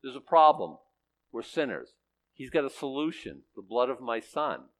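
Conversational preacher man, lively pitch. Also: normal speed. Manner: conversational preaching with emphatic peaks. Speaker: pastor. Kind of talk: sermon.

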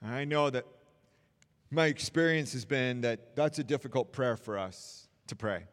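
A man's voice: medium pitch, a little slow, big-room sound. A man preaching a sermon in an earnest, encouraging way, repeating phrases for emphasis. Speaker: pastor.

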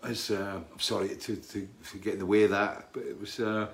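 A man's voice: on the low side, flat delivery, fairly quick. A middle-aged man from Britain hosting a casual live stream, rambling with restarts and reading out viewers' names. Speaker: livestream host.

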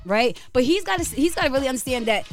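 A woman co-hosting a morning radio show. She talks in a high voice, quick to give her opinion, and gets animated as she rants. A faint music bed plays behind her. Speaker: radio co-host. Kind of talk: casual radio banter and commentary.

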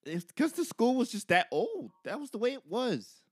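Young man, podcast co-host, casual comedic chat, lively swooping pitch, dry close mic. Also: moderate pace, husky, no echo. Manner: animated storytelling, acts out classmates' taunts loudly.

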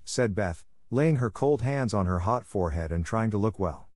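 Low-voiced man reading a storybook. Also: animated, normal speed, few pauses, darkish tone, no room sound. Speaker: narrator. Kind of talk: audiobook reading for English learners.

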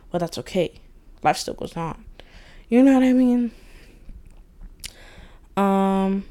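A young woman rambles through a late-night solo vent, candid and loose, full of slang and cursing. Her voice is mellow and warm, sitting at an ordinary pitch for a woman. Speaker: podcast host.

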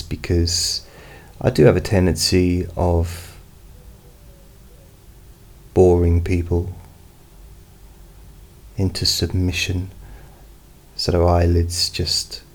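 A man talks very slowly and in a low, deep voice. He rambles through a casual personal update at home, full of fillers and drifting thoughts. He speaks into a studio microphone behind a pop filter, at a moderate distance. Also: darkish tone. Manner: slow, meandering and rambling, with many fillers. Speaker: hypnotist host. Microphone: studio mic with pop filter, not close.

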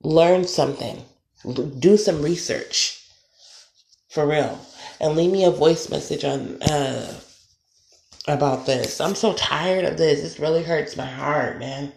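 Solo podcaster venting; gravelly, heated and repetitive delivery, recorded in an echoey room. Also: medium pitch, takes it slowly, a little mellow, slight background noise. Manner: emphatic, repetitive, swearing. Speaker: podcast host. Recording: roomy echo.

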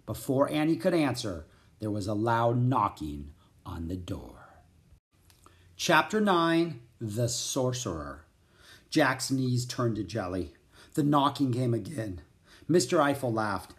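Male audiobook narrator, expressive and lively. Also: mid-range voice, takes it slowly. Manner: expressive, storytelling. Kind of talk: children's audiobook reading.

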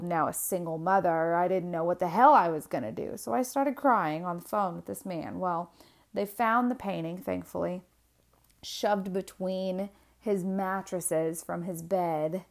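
A woman in her twenties, a single mother, telling a personal story candidly and with feeling, her voice climbing higher and louder whenever she gets worked up. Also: creaky. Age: 20s. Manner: candid and animated, rising in pitch and loudness when upset, many restarts. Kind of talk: emotional personal storytelling to camera.

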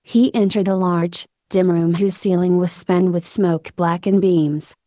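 A woman narrates a story with a steady, even delivery. Her voice is low and mellow. The sound is dry and close to the mic. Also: unhurried, no echo. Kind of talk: audiobook narration.

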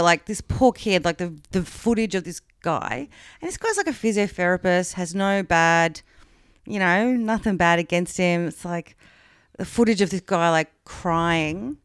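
Frank, chatty Australian woman co-host; smooth voice, dry close sound. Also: fairly low pitch, lively intonation, unhurried, dry recording. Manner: chatty, frank, swears, many fillers. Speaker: podcast co-host. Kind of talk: casual chat, retelling a true-crime story.

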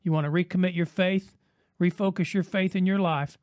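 A man preaching a broadcast sermon, with rhythmic repetition, dramatic pauses and swings between loud and hushed delivery. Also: high-pitched, steady tone, clear, resonant tone, no echo, studio quality. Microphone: broadcast mic.

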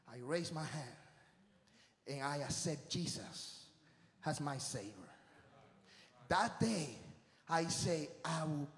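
A middle-aged man preaching a sermon in non-native English, moving between hushed testimony and shouted declarations. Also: on the high side. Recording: echoey hall.

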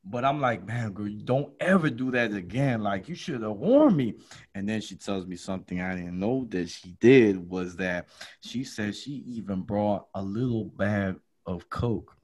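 A man hosting a podcast, telling a comedy story and acting out the voices in it. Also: moderate pace. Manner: lively, acts out quotes with big jumps in pitch. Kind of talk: animated storytelling chat.

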